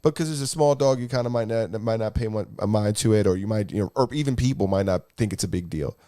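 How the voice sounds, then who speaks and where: A man's voice: fairly low pitch, fast talker, dry recording. Blunt swearing man, dry mic. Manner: blunt, swears freely, animated when telling stories. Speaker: podcast co-host. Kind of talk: casual chat, storytelling.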